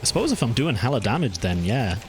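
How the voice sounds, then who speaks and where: A man streaming a game, chatting casually and thinking aloud as he plays, with his pitch jumping up when something surprises him. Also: very animated, fast talker, over music. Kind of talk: casual gameplay commentary.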